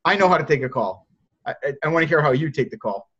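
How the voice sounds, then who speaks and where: Direct male sales coach on a call; high-pitched, muffled low-fi sound. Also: lively intonation, fast, fairly bright tone, slightly rough. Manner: blunt, direct, repeats words when he starts a thought. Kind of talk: coaching on a group video call.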